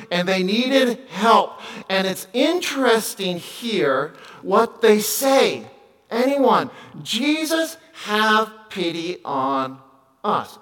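Man preaching a lively conversational sermon. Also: high-pitched, low-quality recording. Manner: conversational preaching, swings from quiet to loud emphatic calls. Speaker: pastor.

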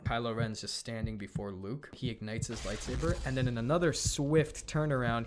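A man casually retelling a film story as a podcast co-host, laughing often and tossing in quick character quotes. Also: medium pitch, noisy background. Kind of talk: casual animated storytelling chat.

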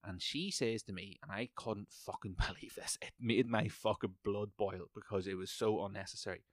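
A man's voice: on the low side, steady tone, moderate pace, dry recording, clean studio sound. A man, hosting a podcast and telling a heated, profanity-heavy story. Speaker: podcast host. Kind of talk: profane ranting monologue.

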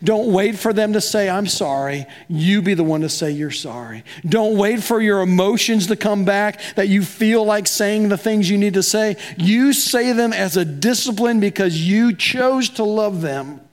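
A man's voice: high-pitched, expressive, measured pace, few pauses. A man preaching a sermon as pastor, talking conversationally and acting out both sides of quoted dialogue.

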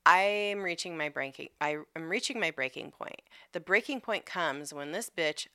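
Low, bright casual woman telling stories. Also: animated, normal speed, smooth, dry recording, clean studio sound. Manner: profane, storytelling with lots of "like". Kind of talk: casual chat.

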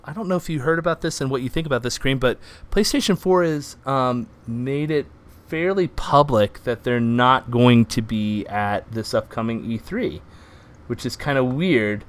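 A man hosting a casual podcast chat, animated and quick to laugh, often restarting his sentences. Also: mid-range voice. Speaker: podcast host.

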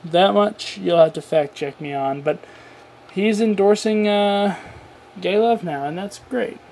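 A man's voice: high-pitched, unhurried, creaky, a little mellow, slight background noise. A tired man hosting his own podcast, rambling through a casual solo rant with offhand swearing and self-deprecating asides. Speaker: podcast host.

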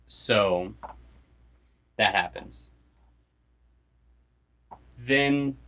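A man's voice: on the low side, bright, forceful tone. A young man casually retelling a made-up movie plot, rambling and laughing often. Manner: rambling, laughs often, quick quoted asides.

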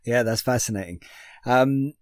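A man hosting an interview, asking questions in a relaxed, hesitant way with fillers. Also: mid-range voice, normal speed, dry recording. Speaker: host.

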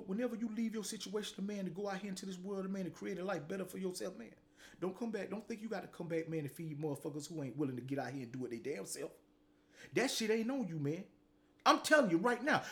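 A middle-aged man with a voice that sits high hosts a motivational talk show. He delivers a blunt, profane, preachy monologue, tagging line after line with "man."

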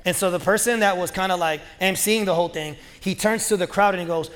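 In a church sanctuary, a pastor preaches his sermon in a casual, joking, conversational way. His voice sits high with a fairly bright tone, he talks fast, and the recording carries the long reverb of a large hall.

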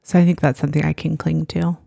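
A woman with a low, gravelly voice shares her thoughts candidly in a faith conversation. The sound is dry and close. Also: flat delivery, fast, warm tone, no echo. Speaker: podcast co-host.

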